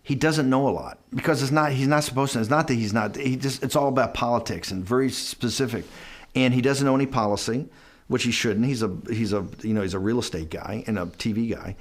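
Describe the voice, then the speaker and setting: A man's voice: medium pitch, a little fast. A middle-aged man telling a long anecdote in a documentary interview, acting out bits of dialogue and often restarting his sentences.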